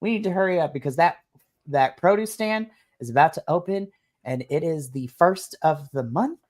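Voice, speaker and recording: A woman's voice: low voice, animated, moderate pace, darkish tone. A woman doing an eager young male cook. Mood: hurried.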